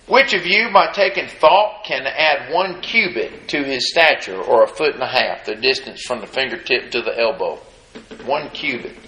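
Preacher guy, gravelly, kinda high voice, folksy questions to the congregation, echoey room. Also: bright, forceful tone. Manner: reads scripture in measured King James cadence. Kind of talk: sermon.

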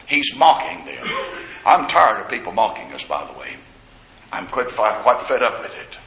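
A man's voice: mid-range voice, wildly swooping pitch, moderate pace, sharp tone. A man preaching a sermon, dramatically acting out the scripture quotes. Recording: echoey church room.

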